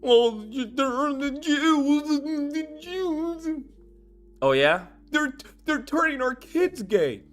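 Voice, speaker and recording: A whiny, paranoid male caller squeals far above a normal pitch and sounds close to sobbing, as a man mocks him. He sits back from the mic. The voice is bright and swings wildly. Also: big pitch swings, drawn-out words, soft background music, heavily acted. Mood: whining. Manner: shrill, whining, sobbing.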